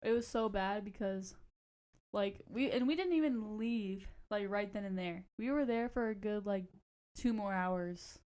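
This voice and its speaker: A woman's voice: medium pitch, a little slow, a little mellow. A young woman co-hosting a podcast, chatting in a laid-back way with casual slang. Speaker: podcast co-host. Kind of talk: casual chat.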